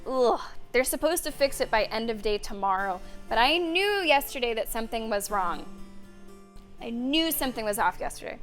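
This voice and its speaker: A woman streaming a game and chatting casually, animated and loose, who swears and laughs freely, in a warm room with a fan running. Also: fairly high pitch, moderate pace, faint music behind. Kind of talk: casual gameplay commentary.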